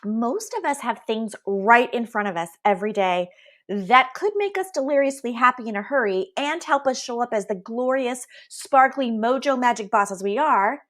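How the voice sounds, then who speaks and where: A middle-aged woman with a fairly high voice hosts a live motivational talk for leaders. She is upbeat and emphatic, and keeps asking her viewers "right?" as she talks straight to them. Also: animated, moderate pace, a bit bright. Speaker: leadership coach and host.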